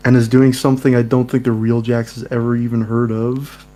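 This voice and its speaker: A man's voice: mid-range voice, fairly quick. A young man reading a dating-sim game aloud with friends, joking and laughing between lines. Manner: laughing, jokey, animated asides. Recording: mains hum behind.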